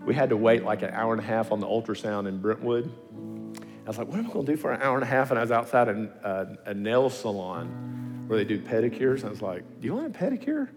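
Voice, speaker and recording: Man preacher, sermon storytelling in a reverberant hall, soft music underneath, mid-pitched voice, animated. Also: fast talker. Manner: animated storyteller, acting out quotes in pitch leaps.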